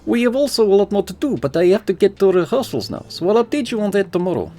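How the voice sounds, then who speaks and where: A man reading a game's theatre organizer in a higher, excited voice, talking fast about plans. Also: soft background music. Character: enthusiastic young theatre organizer.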